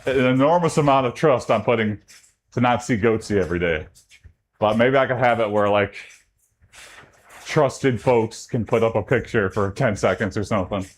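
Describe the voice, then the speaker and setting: A man from Texas, chatting casually with his livestream chat during a workout. His talk rambles, and his voice jumps up in pitch when he gets excited. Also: normal speed, slight background noise. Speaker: streamer.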